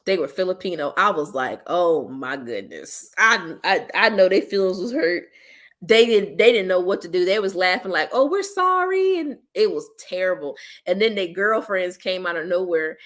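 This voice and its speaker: A woman hosting her own channel, chatting casually with viewers in a blunt, slangy, teasing way and breaking into loud playful laughter. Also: lowish voice, normal speed. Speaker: host of a commentary channel. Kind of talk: casual chat reacting to viewers.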